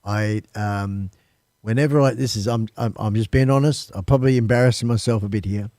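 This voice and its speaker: A man's voice: on the low side, fairly quick, warm tone, no room sound. An Australian man hosting a casual live stream from his temporary studio, chatting to viewers in a rambling, friendly way and calling them folks.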